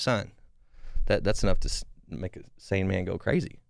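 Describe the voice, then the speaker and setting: A young man hosting a podcast, telling a story in a rambling, animated way with frequent swearing and restarts. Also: sits low, normal speed, vocal fry, dry recording, studio quality. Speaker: podcast host. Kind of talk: casual storytelling.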